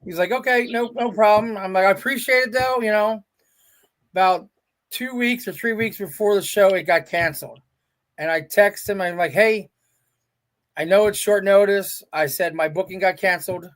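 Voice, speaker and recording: A man's voice: high voice, moderate pace. A middle-aged man, a veteran wrestler, telling stories as a guest and voicing the people he quotes. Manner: animated storyteller, quotes people in their own voices. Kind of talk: casual storytelling interview.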